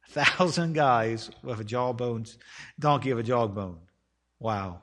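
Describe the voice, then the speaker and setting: Bright-voiced man teaching a Bible passage. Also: mid-range voice, unhurried. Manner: reads scripture aloud then explains it in casual plain words; acts out the lines of the people in the text. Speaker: preacher. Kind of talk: expository Bible teaching to a group.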